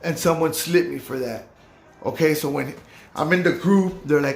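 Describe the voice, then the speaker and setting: Man, casual vlog storyteller, street slang and cursing, slightly high voice, echoey room. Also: moderate pace, gravelly. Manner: profane street slang, lively retelling. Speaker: vlogger recounting a recovery-home stay.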